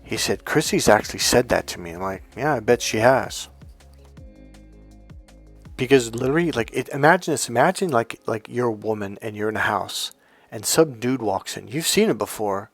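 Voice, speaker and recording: A man's voice: mid-range voice, expressive, moderate pace. Emphatic man coaching with faint music. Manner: emphatic, swearing, acts out quoted voices. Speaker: dating coach. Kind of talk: coaching talk to camera.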